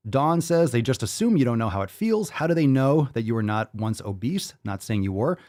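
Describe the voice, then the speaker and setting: A man's voice: medium pitch, very animated, a little fast, darkish tone. A man hosting a live-stream podcast, reading viewer comments aloud in a profane, hyped-up, sarcastic way. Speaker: podcast host.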